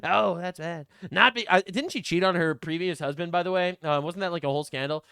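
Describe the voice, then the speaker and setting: A man giving sarcastic, mocking reaction commentary, swearing and swinging between loud outbursts and low asides. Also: brisk, gravelly, hardly any pauses, clear, resonant tone, no echo, clean studio sound.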